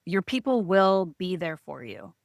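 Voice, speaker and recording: A woman's voice: on the low side, sing-song, a little slow, gravelly, no echo, clean studio sound. A woman co-hosting a podcast about art, speaking in a thoughtful, encouraging way. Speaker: podcast co-host. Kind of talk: casual chat.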